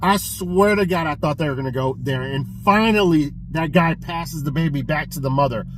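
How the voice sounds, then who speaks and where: A man casually reviewing a film he watched, retelling the plot in an excitable, profane way with many restarts. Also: on the high side, normal speed, noisy background. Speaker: physical media collector reviewing films.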